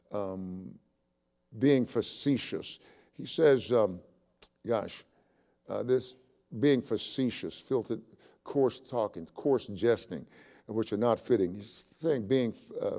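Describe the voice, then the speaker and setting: A man's voice: lowish voice, warm tone. A man preaching a sermon as a pastor, folksy and repeating phrases for emphasis.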